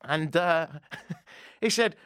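A man's voice: a little high, extremely slow, fairly bright tone, smooth, no room sound, clean studio sound. An English man hosting a talk show, telling a casual, self-mocking anecdote. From England. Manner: chatty, self-mocking storyteller. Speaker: radio talk show host.

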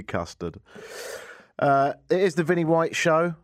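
A man's voice: fairly high pitch, sing-song, unhurried, long pauses, dry recording, faint music behind. A man with an English accent hosting a radio talk show, talking in a wry, exasperated comic rant. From England. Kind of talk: casual comic radio monologue. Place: radio studio.

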